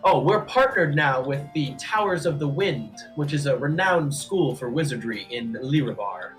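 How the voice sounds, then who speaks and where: A man's voice: medium pitch, lively intonation, moderate pace, fairly bright tone, soft background music, lightly acted. A man voicing a prim, well-funded woman quest-giver who speaks in formal, genteel phrasing. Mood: courteous.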